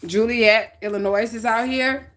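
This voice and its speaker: A woman's voice: fairly high pitch, fairly even intonation, a little slow, a bit bright, a little hiss or hum. A woman doing a casual tarot reading, talking bluntly with plenty of swearing and often checking in with "okay?". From northern United States. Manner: blunt, profane, checks in with 'okay?'. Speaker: tarot reader.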